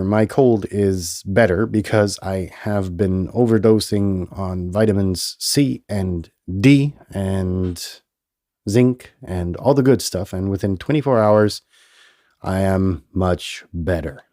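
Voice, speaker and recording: A man hosts his own podcast, rambling and swearing and laughing at himself. He talks slowly in a very low voice that still sounds a little nasal from a cold. The close mic is dry, with no room sound. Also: dark tone, no room sound. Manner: rambling, profane, self-amused. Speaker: podcast host. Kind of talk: casual solo podcast monologue. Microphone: headphones and studio mic.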